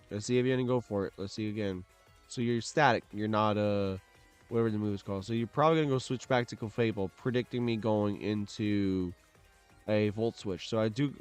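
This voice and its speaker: A young man giving casual play-by-play commentary on his own competitive match, talking through each move under his breath. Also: lowish voice. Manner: muttered play-by-play, bursts into loud frustrated shouts. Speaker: gaming commentator. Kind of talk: live game commentary.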